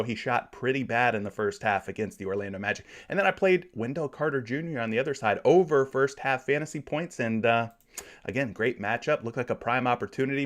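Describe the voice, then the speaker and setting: Guy hosting a betting live stream, laid back and chatty, repeats himself, talks right to viewers. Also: medium pitch. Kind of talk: casual live stream chat reading viewer comments.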